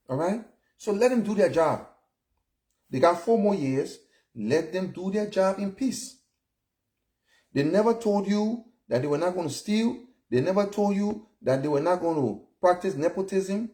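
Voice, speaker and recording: A man's voice: high-pitched, dark tone. Blunt Liberian man in his fifties. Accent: Liberian English. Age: 50s. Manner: blunt, chatty, keeps asking "all right?" and "you know?". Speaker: vlogger. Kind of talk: casual opinion commentary.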